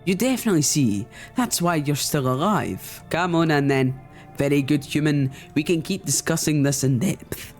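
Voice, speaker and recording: A man's voice: fairly high pitch, expressive, moderate pace, soft background music, close to an everyday voice. A man voicing a preachy male cultist who sermonizes about the sun in a video game, swearing as he goes. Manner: grandiose, sermonizing, swears mid-speech.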